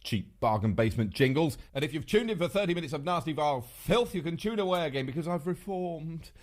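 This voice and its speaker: A man's voice: on the high side, fast, slight background noise. A man hosting a radio sketch comedy show, delivering sardonic monologue and slipping into silly voices.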